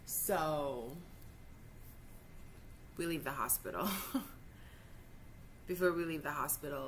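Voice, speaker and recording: Slowly and with frequent pauses, a woman from Jamaica in her thirties rants emotionally on her vlog, her low voice carrying a little hiss or hum. Upset and frustrated, she swears freely, speaks frankly and heatedly, and stumbles over her words.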